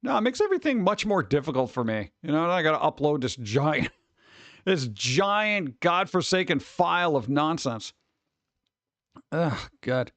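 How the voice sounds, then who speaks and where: A man's voice: a little high, very animated, a little slow, a bit bright, no echo. A man streaming live from his home setup, rambling and joking with exasperation in casual chat.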